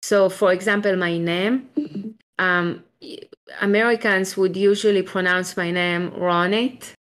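A woman's voice: medium pitch, steady tone, unhurried. A woman from Israel, teaching a live online Hebrew class over a video call, patient and encouraging as she sounds out each letter step by step.

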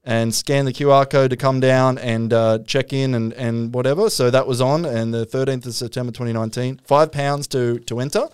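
A man's voice: medium pitch, fairly even intonation, moderate pace, few pauses, smooth, dry recording, clean studio sound. A man, co-hosting a casual comedy chat, retelling a story animatedly and laughing often. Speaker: podcast co-host.

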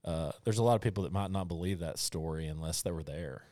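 A man's voice: sits low, fast, a little mellow, dry recording, clean studio sound. A man co-hosting a casual faith talk, rambling and hesitant.

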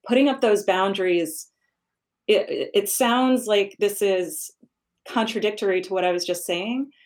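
A woman's voice: medium pitch, unhurried. A woman speaks with candor and emphasis as she shares a personal story of loss in a casual talk. Her voice sits in a middle range. She stresses key points firmly. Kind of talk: casual conversation about grief.

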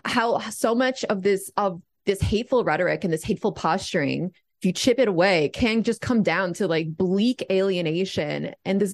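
A woman with a medium-pitched voice reflects aloud in a casual podcast chat, measured and thoughtful. Her sound is dry and close, with no room around it. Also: no echo.

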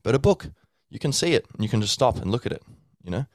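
A man's voice: medium pitch, very animated, quick pace, no room sound, studio quality. A man hosting a podcast, explaining in a casual, rambling way with many fillers and restarts. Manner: acts out a learner's inner thoughts. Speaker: podcast host. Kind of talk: casual teaching monologue.

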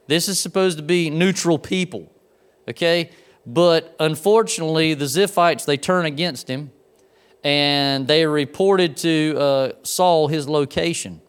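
A man's voice: a little high, a little slow, clear, resonant tone. Conversational man preaching a sermon. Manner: conversational preaching with asides to the congregation. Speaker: pastor.

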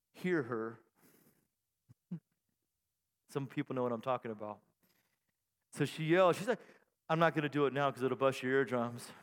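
A high-voiced male pastor preaches to his congregation, swinging from soft asides to loud, excited bursts. His voice rings out with a long reverb through the church hall. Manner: animated preaching with bursts of shouting. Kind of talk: sermon. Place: church sanctuary.

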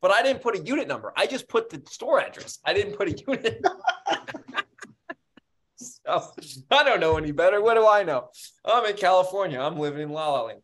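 A man co-hosting a podcast, telling stories in casual chat with animated, profane energy. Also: high-pitched, a little fast, pauses often. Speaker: podcast co-host.

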